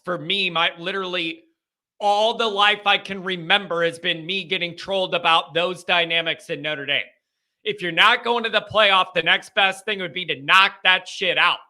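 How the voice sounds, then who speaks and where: A young man hosts a live fan stream. His voice is high and very bright. He rants heatedly and sounds exasperated, with stuffed-up sinuses. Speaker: fan show host.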